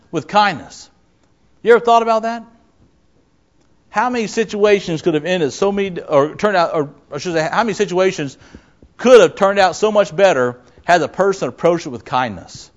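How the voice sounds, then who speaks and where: A man preaching a sermon as a pastor, who often asks his listeners rhetorical questions and acts out the people he quotes. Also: high voice.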